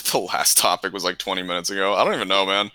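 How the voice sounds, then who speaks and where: A man in a casual podcast chat, crude and rambling, laughing often and talking in quick bursts. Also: low-pitched, sharp tone, smooth, dry recording.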